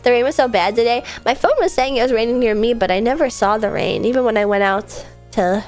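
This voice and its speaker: A woman's voice: a little high, fast, soft background music. A young woman streaming casually, rambling about her day and answering chat messages as they come in. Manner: rambling, chatty, reads chat aloud and answers it. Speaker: VTuber streamer.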